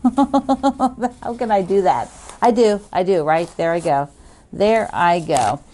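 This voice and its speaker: A woman's voice: mid-range voice, slow, mellow. A woman hosting a quilting video, chatting casually and gushing as she opens fan mail, laughing often. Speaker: quilting show host.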